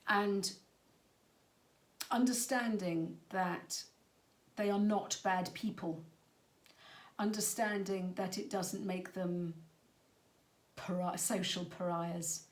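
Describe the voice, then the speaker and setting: Woman, parenting coach, conversational, stumbles over words, middle pitch, echoey room. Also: fairly even intonation, slow, pauses often. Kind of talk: talk to parents.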